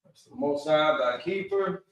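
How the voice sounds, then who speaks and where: Relaxed man teaching, echoey and distant. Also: a little high, a little slow, dull audio. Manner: casual, relaxed teaching with slang. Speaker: Bible Hebrew teacher. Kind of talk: online Bible study class. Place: Milwaukee, Wisconsin. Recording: echoey room, voice from far off the mic.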